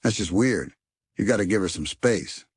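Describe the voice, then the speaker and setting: A man's voice: on the low side, expressive, normal speed, breathy edge, dry recording, clean studio sound, voice pushed up. A man doing a drawling Antipodean bird. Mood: laid-back. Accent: Australian or New Zealand. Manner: blunt drawl. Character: laid-back male bird.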